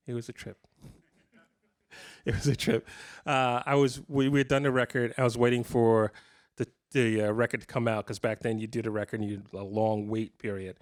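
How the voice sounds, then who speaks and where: A man's voice: mid-range voice, a little fast. A man in his fifties, a guitarist telling funny stories to a live clinic audience. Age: 50s. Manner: animated, jokey anecdotes with frequent laughs. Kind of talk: casual storytelling to a live audience.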